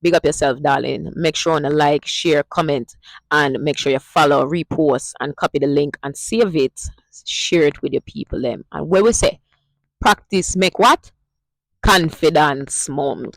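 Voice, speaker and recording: A woman's voice: sits low, moderate pace, no room sound, low-quality recording. Emphatic Jamaican woman vlogger. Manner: emphatic, affectionate, asks the viewer questions. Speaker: vlogger teaching Jamaican patois. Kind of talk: casual explainer vlog.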